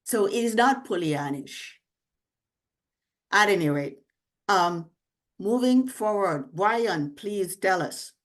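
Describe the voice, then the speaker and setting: A woman's voice: medium pitch, expressive, takes it slowly, pauses often. A woman moderating a panel discussion, speaking with searching phrasing and frequent fillers.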